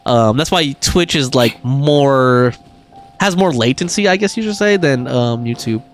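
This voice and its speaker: A man's voice: medium pitch, animated, unhurried, soft background music. A man streaming a game, chatting casually and reading viewer messages aloud, with frequent laughs and fillers. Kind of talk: casual gaming livestream chat.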